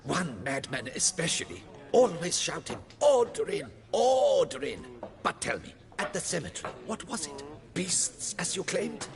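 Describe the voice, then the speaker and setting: A man's voice: a little high, very animated, moderate pace, vocal fry, long reverb tail. An actor playing a cheerful, chatty male innkeeper in a video game, with a hearty, theatrical delivery. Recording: game audio with crowd chatter behind.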